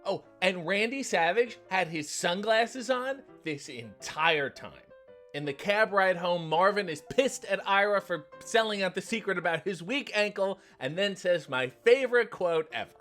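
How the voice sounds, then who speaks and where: A man with a high voice hosts a comedic recap of an old sitcom episode. He tells it in a sarcastic, profane way. Quiet music plays underneath. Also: animated, normal speed. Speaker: host.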